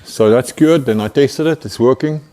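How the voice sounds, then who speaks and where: With a mid-range, dark-toned voice at a moderate pace, a South African man restoring an old truck runs a relaxed workshop vlog. He's chatty and upbeat and tends to close lines with "eh."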